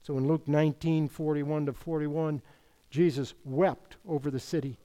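A man's voice: a little high, steady tone, normal speed, warm tone. A man preaching an expository sermon, quoting scripture and asking rhetorical questions. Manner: emphatic, rhetorical questions, quotes scripture in King James wording.

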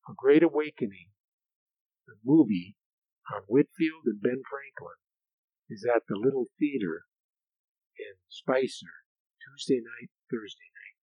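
A male pastor preaching a Sunday night sermon, loud for scripture readings and quieter in asides. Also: medium pitch, dry recording, rough recording.

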